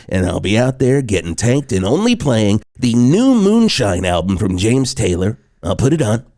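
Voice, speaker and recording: A man's voice: lowish voice, darkish tone, no room sound, clean studio sound. A man hosting a comedic morning radio show, stumbling over words and flustered.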